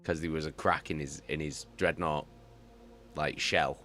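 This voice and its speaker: A man who reads audiobooks, chatting casually with live viewers, animated and swearing often as he repeats himself. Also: extremely low pitch, measured pace. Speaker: audiobook reader and streamer.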